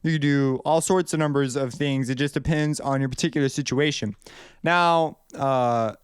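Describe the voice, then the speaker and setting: A man's voice: mid-range voice, normal speed, clear, resonant tone, no room sound, clean studio sound. A young man giving a casual video lesson on composing melodies, talking loosely and thinking aloud with many restarts. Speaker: music composition teacher.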